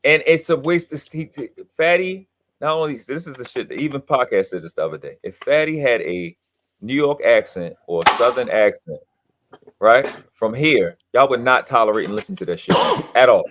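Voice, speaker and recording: A man's voice: medium pitch, lively intonation, moderate pace, fairly bright tone, slight background noise. A man talking in a heated, casual podcast conversation, boastful and emphatic, with lots of swearing. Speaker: podcast guest. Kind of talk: heated casual debate talk.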